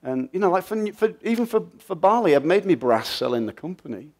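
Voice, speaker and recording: A middle-aged man from England with an English accent, giving a lively, joking and blunt motivational talk at a festival, answering audience questions. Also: a little high, brisk. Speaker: guest speaker.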